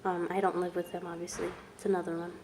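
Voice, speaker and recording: A young woman telling her own story in a vlog, speaking softly and haltingly, with long pauses and words that trail off into whispers. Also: lowish voice, flat delivery, noisy background. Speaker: vlogger. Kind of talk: personal testimony vlog.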